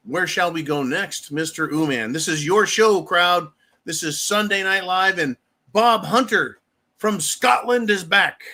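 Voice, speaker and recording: American guy hosting a livestream, cusses a lot, rambles off topic, bright tense voice pitched a bit high. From United States. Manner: profane, rambling, blunt; reads viewer messages aloud. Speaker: livestream show host. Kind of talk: casual livestream rant.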